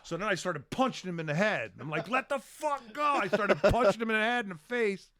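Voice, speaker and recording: A man's voice: high voice, a little fast. Profane middle-aged man telling a story. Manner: profane, acts out shouts and quotes. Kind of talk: casual storytelling.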